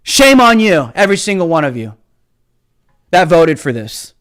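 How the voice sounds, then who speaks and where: A man hosting a live stream, ranting about politics with heated passion, often shouting and taunting his viewers. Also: a little high, very animated, moderate pace. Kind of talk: political commentary rant.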